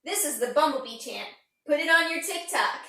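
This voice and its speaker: A woman's voice: sits high, expressive, brisk, pushed and bright. A woman music teacher giving an online children's lesson, upbeat and encouraging as she chants spelled-out letters. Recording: roomy and noisy home recording.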